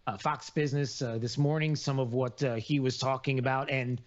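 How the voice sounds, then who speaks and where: A man hosting a live radio talk show, rambling with many fillers and sudden loud outbursts. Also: medium pitch, steady tone, normal speed, highs cut off.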